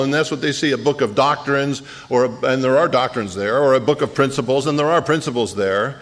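A man preaches a sermon in a church, his voice carrying with a long reverb through the hall. He delivers it earnestly, drawing out key phrases and hurrying through asides, at an ordinary pitch for a man. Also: a little fast, few pauses. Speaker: pastor.

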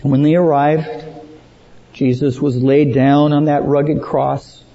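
A man preaching a sermon slowly and dramatically, rising to emphatic peaks and dropping low at the ends of phrases. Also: level tone. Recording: dull lo-fi sound with long hall reverb.

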